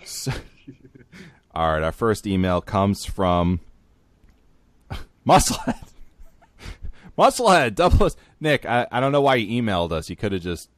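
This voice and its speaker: A man's voice: on the low side, very animated, a little slow, long pauses, no echo. A man hosting a podcast in casual chat, laughing often. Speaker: podcast host.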